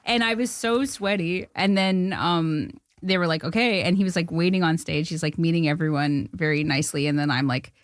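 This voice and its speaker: A woman in her thirties from Canada, telling stories as an interview guest in an animated way, with frequent laughs and fillers. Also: on the low side, brisk, hardly any pauses, dry recording, studio quality. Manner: animated storyteller, laughs often, many fillers. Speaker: filmmaker guest. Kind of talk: casual interview chat.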